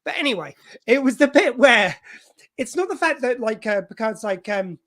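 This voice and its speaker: A man co-hosting a podcast in casual chat, animated, cutting in and acting out quotes. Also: very high-pitched, normal speed. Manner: animated, interrupts, acts out quotes. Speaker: podcast co-host.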